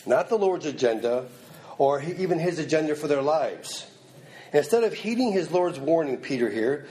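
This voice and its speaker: A man's voice: on the high side, darkish tone. A man preaching a sermon, stressing points by repeating them and acting out the lines he quotes. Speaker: pastor.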